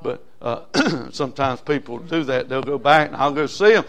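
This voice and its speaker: A middle-aged preacher with a medium-pitched voice speaks at a moderate pace. During his sermon he seeks amens from the congregation and moves between loud and soft moments.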